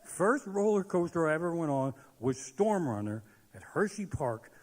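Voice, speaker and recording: A man doing a profane stand-up comedy set on stage, ranting and shouting his punchlines. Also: on the high side, sing-song, normal speed. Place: live comedy stage in a large hall. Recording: live venue with long hall reverb.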